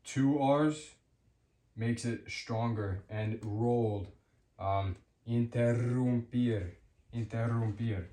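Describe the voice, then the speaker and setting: A man giving a casual spoken language lesson, hesitant with many fillers, repeating example words slowly. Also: fairly low pitch, mellow, reverberant. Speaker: language teacher.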